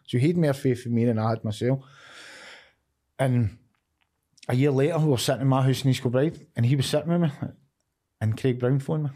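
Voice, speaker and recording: A man's voice: medium pitch, brisk, pauses often, warm tone. Frank Glaswegian man, middle-aged. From Scotland. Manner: frank, swears a lot, often says "you know what I mean". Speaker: podcast guest. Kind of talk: candid conversation.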